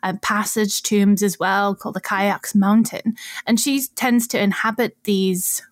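A woman's voice: mid-range voice, fairly even intonation, unhurried, no echo. Woman, podcast co-host, casual explaining, laughs often, dry sound. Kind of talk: casual chat.

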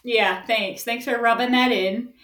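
A woman's voice: on the high side, steady tone, measured pace, a bit bright, roomy sound, distant mic. A woman co-hosting a sports podcast, reading out the matchups in a playful, giggly manner. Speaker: podcast co-host. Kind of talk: casual sports chat.

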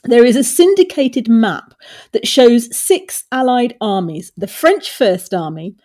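A woman co-hosting a history podcast, chatting in a lively way and reading old articles aloud. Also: on the high side, slow. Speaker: podcast co-host.

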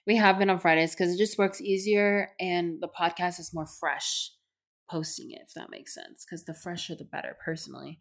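A woman's voice: lowish voice, steady tone, moderate pace, vocal fry. A young woman from Southern California, co-hosting a podcast in casual chat, sounding congested and stuffy, breezy and swearing freely. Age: young adult. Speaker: podcast co-host.

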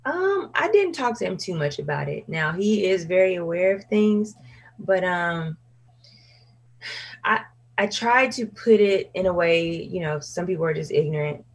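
Husky, low-voiced woman talking frankly. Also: unhurried. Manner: frank, laughs often, quotes herself in lively asides. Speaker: singer, interview guest. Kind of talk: candid casual conversation.

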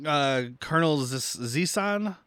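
A man's voice: on the high side, expressive, takes it slowly, a bit bright, clean tone, no room sound, studio quality. A man co-hosting a casual movie podcast, joking and quoting lines in mock voices. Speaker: podcast co-host. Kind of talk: casual movie-recap banter.

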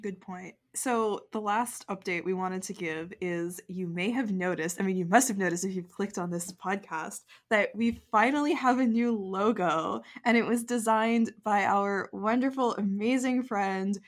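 A woman co-hosting a casual podcast, bilingual and quick to explain herself. She talks in an earnest, animated way with a mid-range voice. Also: medium pitch. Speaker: podcast co-host.

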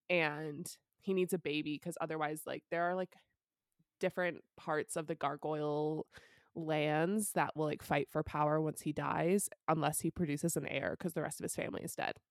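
Young woman, low voice, casual podcast chatter, lots of "like", dry close sound. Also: steady tone, moderate pace, dry recording. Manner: chatty, peppered with "like" and casual swearing. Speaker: podcast co-host. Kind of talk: casual book recap chat.

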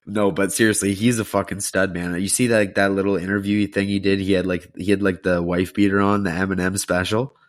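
A man's voice: low-pitched, little pitch movement, fairly quick, few pauses, no echo. A man co-hosting a podcast, chatting casually with crude, teasing humor and plenty of swearing. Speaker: podcast co-host. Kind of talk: casual chat.

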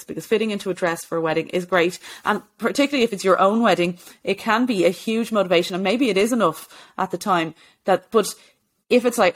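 A woman's voice: mid-range voice, brisk. A woman, hosting a solo health-coaching podcast in an earnest, encouraging way, with many "okay"s and restarts. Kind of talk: solo podcast advice talk.

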